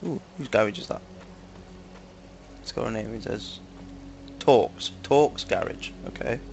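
A man's voice: lowish voice, lively intonation, measured pace, gravelly, a little mellow, a little hiss or hum. A young man with a Manchester accent giving casual, joking gameplay commentary with friends, full of fillers. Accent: Manchester English. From England, Manchester. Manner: chatty, crude joking, lots of fillers. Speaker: gaming video host.

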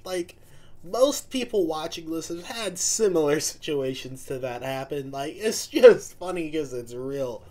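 A man's voice: on the high side, animated, measured pace, a little mellow. A man giving casual, profane reaction commentary and laughing often. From United States. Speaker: reaction video host.

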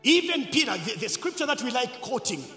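A man preaching a sermon as pastor, leading call-and-response and swinging between loud shouts and quiet asides. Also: very high-pitched, sing-song, fairly quick, soft background music. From Zambia. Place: church hall. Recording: echoey church hall.

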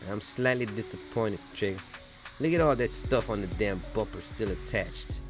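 A man's voice: fairly low pitch, moderate pace, over music, lightly acted. A man voicing an irate male viewer who heckles a painter with swearing and mock outrage. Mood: grumbling.

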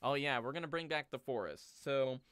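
A man's voice: medium pitch, moderate pace, slight background noise. A young adult man hosting a casual gaming video, chatting with a friend, ranting and swearing in exasperation. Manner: animated, exasperated rants, swears freely. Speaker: host.

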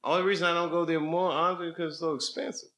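A man doing stand-up banters casually with the audience in a comedy club after a show, teasing and joking playfully. His voice is a little high, his delivery flat and rapid-fire, and the recording picks up plenty of club noise.

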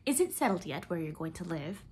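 A woman voicing a calm young mother who speaks with gentle, knowing assurance. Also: on the low side, fairly quick, a little hiss or hum. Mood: assured.

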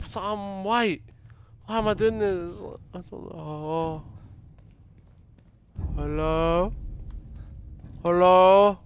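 A man's voice: on the high side, fairly bright tone, slight background noise. A young man playing a horror game, swearing, muttering prayers and reacting nervously as he goes. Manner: jumpy, swearing, muttering prayers under his breath. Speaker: gaming streamer.

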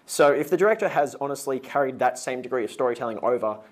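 Aussie co-host talking fast and excited about australian films. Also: mid-range voice. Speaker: film review co-host. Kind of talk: casual chat.

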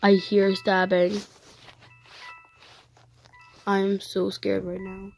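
A woman narrating her online game as she plays, excitable and easily frightened, giving running commentary. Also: mid-range voice, very slow, gravelly, faint music behind. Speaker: gaming channel host. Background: dogs barking sometimes.

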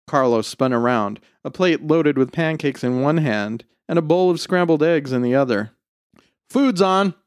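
A man narrating a short story in a measured, expressive storytelling delivery. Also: medium pitch, no room sound, clean studio sound. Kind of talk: scripted narration.

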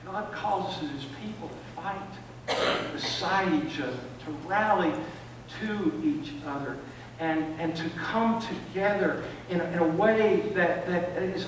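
Slowly and in a high pitch, an older male pastor preaches in a church sanctuary, telling stories and repeating words to build a point. The recording comes from far off in the echoey church and carries a little hiss or hum.

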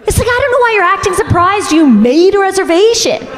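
A young woman performing a stand-up comedy set, delivering deadpan one-liners and jumping high in pitch when she acts out other people. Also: a little fast, in a large hall, background noise. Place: comedy club stage.

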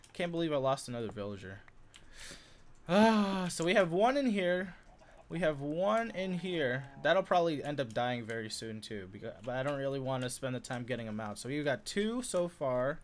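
A man's voice: medium pitch, animated, normal speed. A young man giving casual, rambling commentary while playing Minecraft, getting easily frustrated and yelping at mishaps. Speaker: gaming YouTuber. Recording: faint background noise and keyboard clicks.

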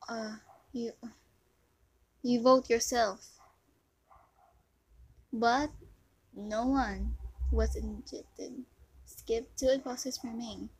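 A woman casually commentating her own gameplay, excitable, with loud yelps and muttered whispers. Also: on the high side, very slow, long pauses, husky, rough recording. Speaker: gamer commentating her play.

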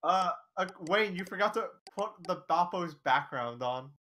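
A teasing friend chiming in from off-camera, voice rising and falling in a lively way. A faint hiss sits under the casual, laughing chatter. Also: medium pitch, moderate pace. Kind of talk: casual chat.

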